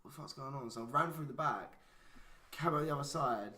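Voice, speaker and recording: A man's voice: medium pitch, fairly quick, sharp tone. A young man, casually telling a profane story and peppering it with "like". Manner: swearing storyteller, heavy use of "like". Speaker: podcast co-host. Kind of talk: casual chat. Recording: echoey room.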